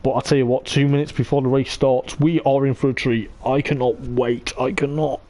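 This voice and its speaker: A man giving live commentary on an online racing league, excitable and repetitive, laughing often, his voice going hoarse. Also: mid-range voice, a little fast. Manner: excitable, repeats "I tell you what", laughs often. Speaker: race commentator.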